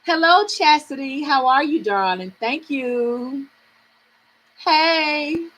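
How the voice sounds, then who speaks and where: Southern lady doing a live reading stream, high voice, blunt and animated, cusses and laughs a lot. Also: slow pace, low-quality recording. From American South. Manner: frank, animated, swearing freely, laughing often. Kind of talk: casual live-stream chat with viewers.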